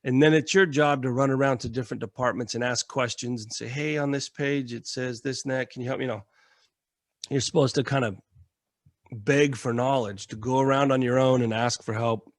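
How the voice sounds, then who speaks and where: A man from the United States, a military veteran and podcast guest, telling stories in a casual, animated way, acting out quotes and swearing freely. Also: medium pitch, fairly quick, no echo, studio quality. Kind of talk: casual storytelling.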